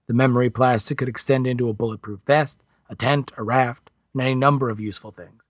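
A man reading a science fiction audiobook in scripted narration with expressive, varied delivery. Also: mid-range voice, fast, no room sound, studio quality.

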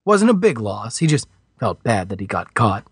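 A man narrating an audiobook with an expressive, lively pitch that rises and falls. His voice has a husky grain. The recording is dry and close. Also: normal speed, dry recording. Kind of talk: scripted narration.

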